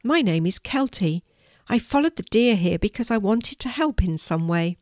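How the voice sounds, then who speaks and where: A woman's voice: mid-range voice, lively intonation, moderate pace, no echo, clean studio sound, pitched above the performer's own voice, natural voice. A woman voicing an earnest young girl who loves animals, in a storybook reading. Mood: polite, eager. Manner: earnest and hushed.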